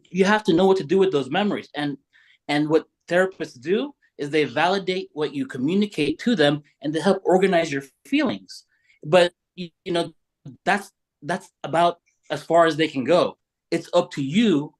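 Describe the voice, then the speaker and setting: A man on a men's talk show panel, speaking earnestly in a casual discussion, stumbling and repeating words as he goes. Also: a little high.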